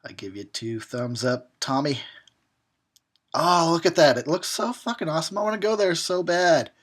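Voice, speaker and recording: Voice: medium pitch, expressive, moderate pace. A horror host giving a drunken commentary on a film, rambling and swearing and often breaking into laughter.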